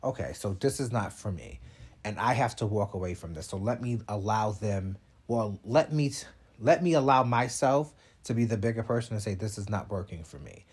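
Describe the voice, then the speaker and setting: A young man hosting a podcast, talking casually in a blunt, animated way and swearing freely. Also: lowish voice, moderate pace, breathy edge. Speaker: podcast host. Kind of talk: casual monologue.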